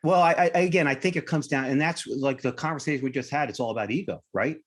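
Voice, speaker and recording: A man's voice: medium pitch, quick pace. A middle-aged man, a retired Army officer, talking bluntly in a casual podcast conversation and telling war stories, swearing and tagging "right?" onto his points. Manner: blunt storytelling, swears freely, keeps asking "right?".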